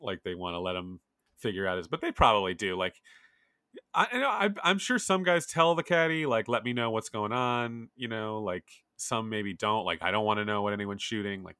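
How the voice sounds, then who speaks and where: A man's voice: on the low side, sharp tone, dry recording, clean studio sound. A man chatting casually about golf as a podcast co-host, rambling with lots of filler words.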